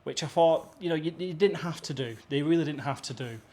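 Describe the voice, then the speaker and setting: A man's voice: on the high side, fairly quick, darkish tone. A young British man with a British English accent, talking casually to camera as a travel vlogger, effusive and chatty, with a handheld camera. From Britain. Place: rented apartment and balcony, partly outdoors.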